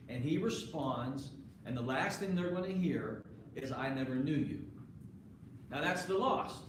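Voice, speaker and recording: A man's voice: fairly high pitch, animated, unhurried, a little hiss or hum. A male pastor preaching a sermon to his congregation in a conversational way, often putting questions to the listeners. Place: church sanctuary. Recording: echoey live church recording from far off.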